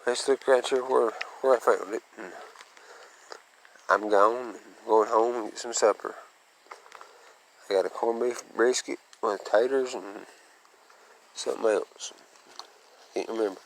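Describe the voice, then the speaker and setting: A man's voice: medium pitch, measured pace, long pauses, slight background noise, low-quality recording. A man from Western North Carolina, talking casually in a rambling, folksy vlog and chuckling often as he goes along rural roads. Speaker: vlogger.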